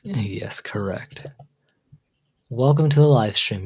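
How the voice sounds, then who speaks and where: A man's voice: medium pitch, unhurried, a little mellow. A man hosting a casual livestream, rambling and stop-start, trailing off into fillers and chuckling as he jokes along. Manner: laid-back, joking, chuckles often. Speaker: livestream host.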